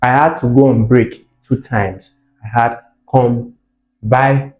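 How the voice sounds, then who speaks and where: Slow-talking teacher. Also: male voice, mid-range voice, a little mellow. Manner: repeats sounds and words for drilling, checks on the viewer. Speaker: English teacher. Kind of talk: exam-prep phonetics lesson. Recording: roomy echo with faint music.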